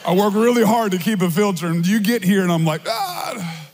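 A man's voice: high voice, fast, slight background noise. A young male pastor preaching a casual, joking sermon in a large church. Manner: animated, joking, conversational preaching. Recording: long church hall reverb.

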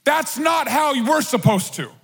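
A man's voice: extremely high pitch, animated, unhurried, a bit bright. A man preaching a sermon as pastor, in a conversational, playful way with asides. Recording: long hall reverb.

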